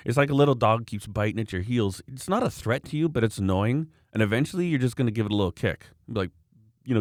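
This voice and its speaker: A man's voice: mid-range voice, fast talker, dry recording, studio quality. A man talking in a casual, opinionated, rambling way, acting out the people he quotes. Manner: opinionated, rambling, animated quoting. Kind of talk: casual political chat.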